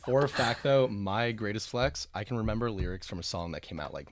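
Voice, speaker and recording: A man's voice: lowish voice, lively intonation, fairly quick. A man co-hosting a casual live-stream chat, laid-back and agreeable. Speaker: co-host.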